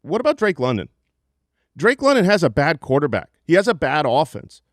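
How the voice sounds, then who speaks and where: A man co-hosting a fantasy football podcast, rattling off stats with energy, jumping high in pitch when excited and laughing often. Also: a little fast, no room sound, studio quality. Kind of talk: energetic stat-heavy sports podcast talk. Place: studio, live show.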